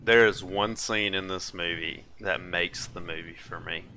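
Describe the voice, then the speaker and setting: A man in his twenties co-hosting a casual movie-review podcast, telling stories in an animated way and laughing often. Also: sits low, measured pace, slight background noise. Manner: animated storyteller who acts out quotes and laughs often. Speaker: podcast co-host.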